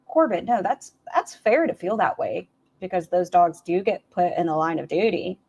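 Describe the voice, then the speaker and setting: A woman's voice: lowish voice, expressive, moderate pace, a little mellow, slightly rough, highs cut off. A woman hosting a reaction stream, making wry, snarky comments on clips and chatting with viewers.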